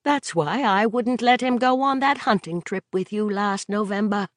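Audiobook role: restrained frustrated wife, controlled, slow delivery, dry sound, a woman reads her. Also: on the low side, big pitch swings, no room sound.

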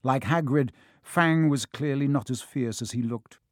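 A man reading a children's fantasy novel aloud in measured, scripted narration. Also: medium pitch, no echo, studio quality. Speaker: audiobook narrator.

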